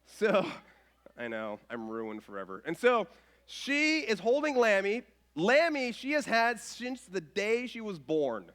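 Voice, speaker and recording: A man in his thirties preaching a casual, self-mocking sermon with stories, dropping to a soft voice when quoting others. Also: high-pitched, a little slow. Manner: animated, self-mocking, drops to soft voice for quotes. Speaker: pastor. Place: church stage.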